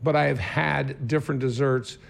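Joking man with a gravelly voice. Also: mid-range voice, steady tone, normal speed. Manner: joking, playful, laughs easily. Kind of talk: casual chat.

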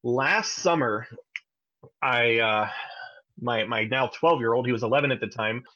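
A man in his thirties chats casually on a podcast, his story bouncing along in an animated way. His voice sits at an ordinary middle pitch. The sound is a little dull and lo-fi. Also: measured pace. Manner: animated, acts out his child's voice in high pitch. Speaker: podcast co-host.

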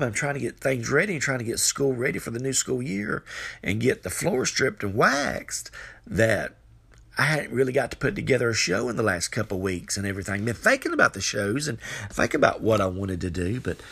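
A man's voice: mid-range voice, very animated, moderate pace, vocal fry, fairly bright tone, slightly rough. A man giving an earnest, folksy devotional sermon into his phone microphone. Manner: earnest, folksy, repeats phrases, exclaims hallelujah. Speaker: podcast preacher.

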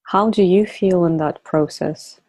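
A woman interviewing a guest, asking quiet, affirming questions. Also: fairly low pitch, unhurried, no room sound.

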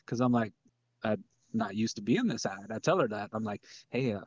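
A man telling a comedic story in a casual, rambling way, often sinking into a low mutter. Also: expressive, fairly quick, husky, dry recording, muffled recording. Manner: laid-back, rambling, drops to a low mutter for his own thoughts.

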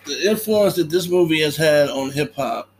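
A man's voice: on the high side, moderate pace, slight background noise. A man casually recapping a movie in a laid-back way, laughing often and acting out lines.

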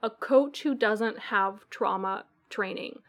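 A woman coach giving an earnest, animated answer in a podcast interview, acting out the voices of her clients. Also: mid-range voice, takes it slowly. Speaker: guest coach.

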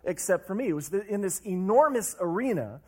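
A young man delivers a personal testimony sermon in a relaxed, joking way, laughing at himself now and then. His voice sits a little higher than most men's. He talks like he is chatting with the congregation. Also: fairly quick, slightly rough. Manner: conversational and self-deprecating, with frequent laughs and fillers.

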